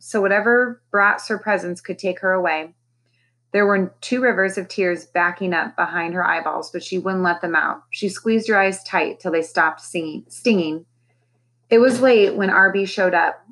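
Expressive woman reading a novel aloud. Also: lowish voice, moderate pace. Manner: expressive, lifting her voice for the characters' lines.

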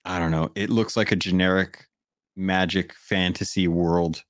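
A man's voice: low-pitched, steady tone, a little slow, no room sound, studio quality. A man hosting a gaming podcast, talking casually and rambling with many restarts. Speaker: podcast host. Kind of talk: casual chat.

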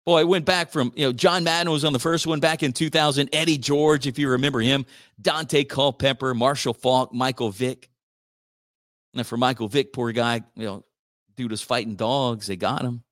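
A man's voice: medium pitch, steady tone, moderate pace, a bit bright. A male radio host rambling through sports news in a slangy, casual chat. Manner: rambling, slangy, says dude a lot.

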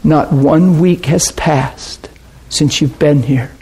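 A man preaching a sermon and telling stories, swinging from loud excitement to hushed, quiet asides. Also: on the high side, slow, breathy edge. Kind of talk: sermon storytelling.

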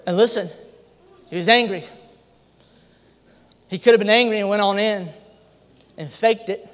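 A male pastor preaching a sermon, emphatic, climbing into shouted repetitions. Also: high-pitched, moderate pace. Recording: long hall reverb.

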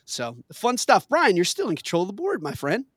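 A man's voice: high voice, huge pitch swings, fairly quick, husky, no echo, studio quality. A man hosting a casual trivia game with friends, reading questions aloud and laughing often. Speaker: quiz game host.

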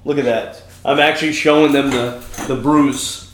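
A man's voice: medium pitch, steady tone, moderate pace, a bit bright. New York man telling stories, echoey room. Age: 30s. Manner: loose storyteller, swears freely. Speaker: podcast host. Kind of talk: casual chat.

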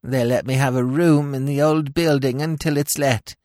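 A man's voice: mid-range voice, steady tone, normal speed, a little mellow, no room sound, studio quality, voice pushed up, close to an everyday voice. A man voicing a whining old woman beggar with a sing-song, pleading voice in a narrated story. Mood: whining plea.

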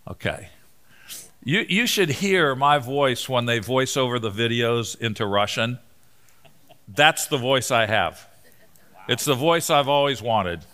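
Guy preaching a sermon, crisp bright voice, chatty and animated, jokes with the crowd. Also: mid-range voice, measured pace, long pauses. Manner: animated, conversational, joking with the audience. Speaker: preacher, Bible teacher.

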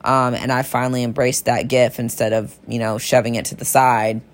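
A woman's voice: very deep voice, flat delivery, brisk. A woman health practitioner chatting enthusiastically about her patients in a casual storytelling monologue, often calling her listeners y'all.

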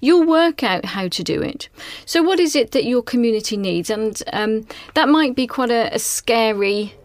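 A woman's voice: fairly high pitch, animated, moderate pace, no room sound. Earnest woman, rhetorical questions. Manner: earnest, reflective, asks many rhetorical questions. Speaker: national director of school inspections. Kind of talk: advisory conversation.

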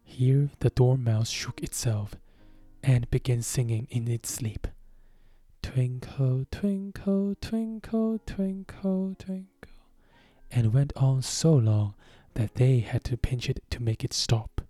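A man reads a storybook aloud in a calm, measured way. His voice is deep-toned and husky, the pace is very slow, and faint music plays beneath the dry, close sound. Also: dry recording. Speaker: narrator. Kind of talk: storybook reading.

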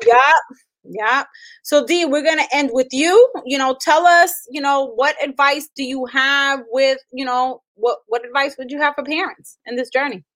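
Higher-voiced woman host, dry sound. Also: normal speed, fairly bright tone, no room sound, poor audio. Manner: affirming, frequent "mm-hmm". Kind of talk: casual chat.

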